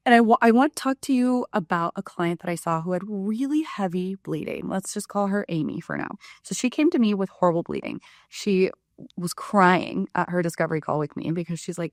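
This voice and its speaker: A woman's voice: medium pitch, brisk, no echo, studio quality. A woman health practitioner giving a frank, casual talk to camera about women's health. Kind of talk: direct-to-camera health teaching.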